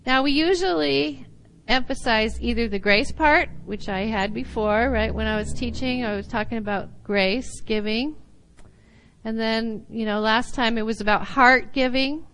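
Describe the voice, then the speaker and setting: A woman teaching a Bible lesson in sermon style, animated and laughing often, sometimes acting out little voices. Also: on the high side, unhurried, clear, resonant tone, poor audio.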